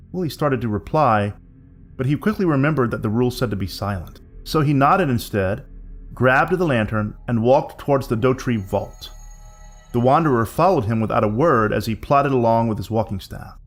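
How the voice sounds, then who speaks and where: Male narrator, mid-pitched, steady and suspenseful, light music underneath. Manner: measured, building suspense. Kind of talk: scripted horror story narration.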